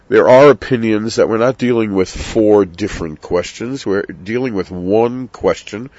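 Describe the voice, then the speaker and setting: An older man with a very deep voice teaches about the Passover Seder in an unhurried, storytelling way. His asides have a dry, self-mocking humor. The sound is dull and lo-fi. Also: darkish tone, dry recording. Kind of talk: reflective spoken teaching.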